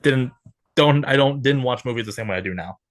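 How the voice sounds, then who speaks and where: A man appearing as a guest on a movie podcast, speaking in a halting way and restarting his sentences often. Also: mid-range voice, no room sound, clean studio sound. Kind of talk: casual movie chat.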